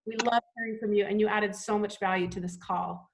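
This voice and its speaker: A woman's voice: mid-range voice, steady tone, fairly quick, gravelly. A woman hosting a sales team call, talking in an enthusiastic, gushing, motivational way.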